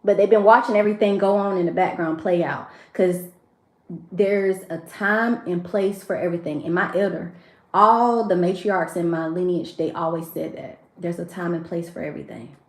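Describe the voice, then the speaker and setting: A woman's voice: lowish voice, fairly even intonation, moderate pace. Woman w/ doing a spiritual tarot stream, gets emotional, talks right to her viewers, roomy echo. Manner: emotional, preachy, speaks to viewers directly. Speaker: tarot reader.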